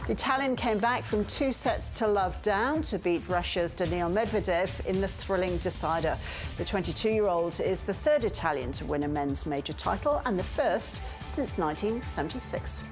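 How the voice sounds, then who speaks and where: An Australian woman presenting a television news bulletin in a measured, formal manner. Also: medium pitch, lively intonation, over music. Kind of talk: newsreading.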